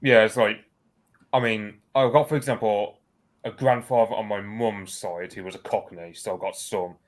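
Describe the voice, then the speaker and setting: A man with a mild Birmingham accent chats casually as a guest. His voice is very low, and he rambles through his points with plenty of fillers. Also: fairly even intonation, normal speed. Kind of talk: casual podcast chat.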